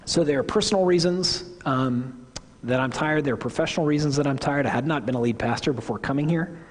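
A lead pastor in his forties gives an earnest, conversational sermon to his congregation in a church sanctuary, correcting himself along the way. His voice runs on the high side and a little fast. A long hall reverb trails his words.

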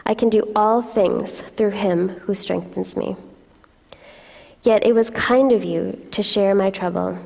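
A woman reading a scripture passage aloud in a church service, in a steady, measured way. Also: medium pitch, gravelly. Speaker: scripture reader. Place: church hall. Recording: long reverb of a church hall.

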